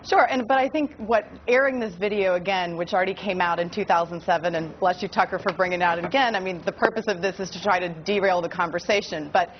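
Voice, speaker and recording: A woman's voice: lowish voice, fast, hardly any pauses. Earnest woman making her case on news. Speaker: political commentator guest. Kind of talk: cable news debate. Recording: slightly dull broadcast audio with faint noise.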